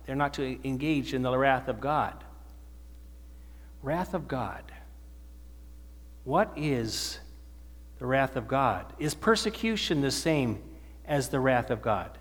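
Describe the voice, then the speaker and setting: A man's voice: mid-range voice, expressive, slow, pauses often, a bit bright. A male preacher giving a sermon to a live audience, often asking them questions and answering them himself. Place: church or meeting hall with an audience. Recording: long hall reverb.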